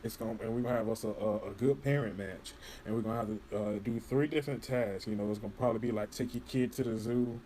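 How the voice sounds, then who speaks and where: A man's voice: fairly low pitch, quick pace, few pauses, mellow, a little hiss or hum. A man in casual interview chat, rambling and profane, filling his talk with "you know". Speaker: podcast guest.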